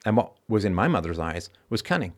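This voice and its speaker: This host of a call-in show has a low, sing-song voice and talks fairly quickly. He launches into an emphatic philosophical monologue, repeats key lines for emphasis, and briefly mocks others' reactions in put-on voices.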